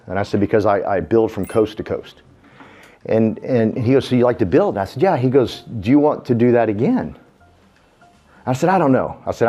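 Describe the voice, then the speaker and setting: A man's voice: lowish voice, warm tone. A man giving a casual, folksy, self-deprecating business talk, telling jokey stories about himself. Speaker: real estate business speaker. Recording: dull lo-fi sound.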